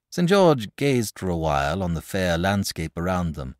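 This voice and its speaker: A man's voice: extremely low pitch, dry recording, studio quality. Man narrating a storybook classic. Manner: measured, expressive reading. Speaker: narrator and podcast host.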